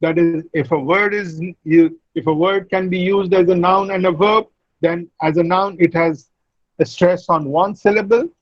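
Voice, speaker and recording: Casting: male teacher lecturing over a video call, high voice, dry muffled audio, patient repetition. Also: fairly even intonation, no room sound. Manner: explains slowly, repeats example words. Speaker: English teacher. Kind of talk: online class lecture.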